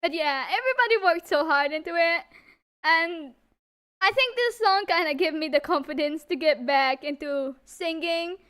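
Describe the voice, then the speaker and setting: A woman's voice: very high-pitched, normal speed, fairly bright tone. A woman VTuber singer on a live stream, tearful and stammering. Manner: stammering, laughing, reading chat aloud. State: tearful, on the verge of crying. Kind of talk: emotional live-stream chat.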